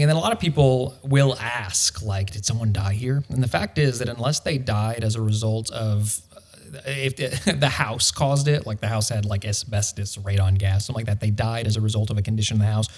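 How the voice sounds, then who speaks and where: A man's voice: medium pitch, a little fast. A man, a realtor guest on a podcast, talking in a wry, storytelling way with dry humor. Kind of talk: casual podcast chat.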